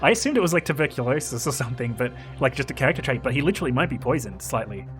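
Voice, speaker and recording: A man giving casual, excitable gameplay commentary and swearing freely, with game music behind. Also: medium pitch, racing. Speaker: let's play streamer.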